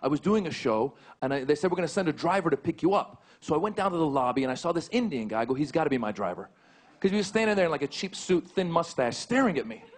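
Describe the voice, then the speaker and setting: Animated male stand-up comic. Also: fast talker. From United States. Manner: animated, jumps high for punchlines. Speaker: stand-up comedian. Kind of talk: stand-up comedy set. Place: stage before a laughing audience. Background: audience laughter.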